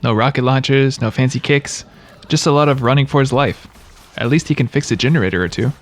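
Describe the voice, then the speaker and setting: A man's voice: medium pitch, a little fast. A man giving scripted video-game trivia narration, with wry, joking asides.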